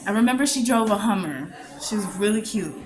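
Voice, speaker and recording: A woman giving a candid, heartfelt personal message to camera, often halting and trailing off softly. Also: mid-range voice, expressive, noisy background. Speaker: vlogger sharing a personal message. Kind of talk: emotional personal testimony to camera.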